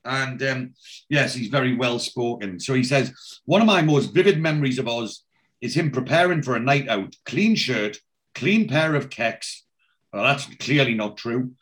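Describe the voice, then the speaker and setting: A man's voice: mid-range voice, lively intonation, moderate pace, a bit bright. Man casually retelling a TV episode. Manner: reads out character lines in a plain retelling voice, many fillers. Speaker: podcast host recapping a TV episode. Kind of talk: casual chat, retelling scenes.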